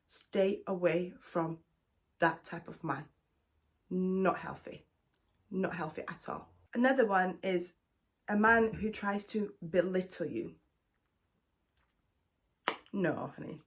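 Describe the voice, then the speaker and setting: A woman's voice: on the low side, lively intonation, slow pace, long pauses. A woman vlogger giving blunt, emphatic relationship advice to the camera, calling the listener honey. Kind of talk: direct advice talk to camera.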